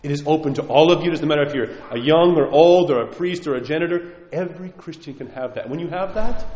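A man, a priest, giving a sermon with impassioned, conversational preaching that drops suddenly quiet. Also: on the high side, dull audio. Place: church. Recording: echoey church hall.

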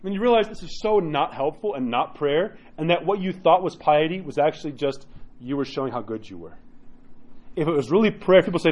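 Fast-talking animated priest, lo-fi. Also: male voice, sits high. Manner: animated, joking, acts out quoted voices. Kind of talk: conversational teaching talk. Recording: dull lo-fi recording.

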